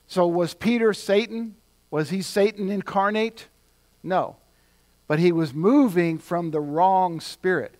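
A male pastor giving a sermon, talking conversationally and building to loud, emphatic points. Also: high-pitched, unhurried.

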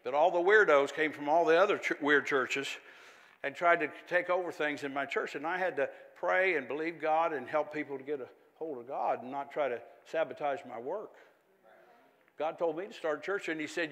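An older man, a pastor telling stories in a sermon and rising to zealous, loud preaching. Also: a little high, a little fast. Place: church hall. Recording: echoey church hall.

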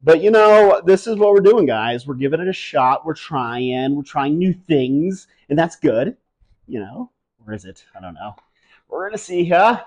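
A man's voice: on the high side, animated, unhurried, darkish tone. A man from upstate New York, a plant hobbyist chatting casually and playfully to his viewers, often joking at his own expense. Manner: playful, self-mocking, rambling. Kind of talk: casual vlog chat. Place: indoors, home with high ceilings.

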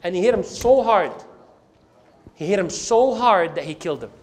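High-voiced man telling a lively sermon story. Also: normal speed. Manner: animated, acts out quoted speech, recites scripture passages; asks the audience questions and answers them. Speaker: religious lecturer. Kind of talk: storytelling religious lecture.

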